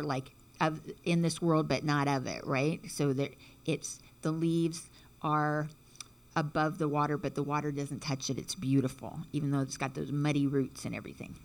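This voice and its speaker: A woman giving a casual spiritual talk, chatting along and often checking in with "right?". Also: sits low. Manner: chatty, frequent "right?" checks, acts out quotes. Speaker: teacher explaining symbolism.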